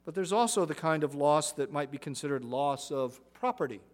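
A middle-aged man preaching a sermon in an earnest, measured way, often softening at the ends of phrases and restarting with an occasional "uh". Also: fairly high pitch, lively intonation. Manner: repeats words and restarts with uh.

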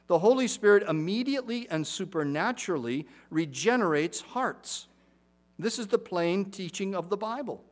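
Earnest preaching man, slightly high voice. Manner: earnest, emphatic preaching with repeated phrases. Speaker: pastor. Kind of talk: sermon.

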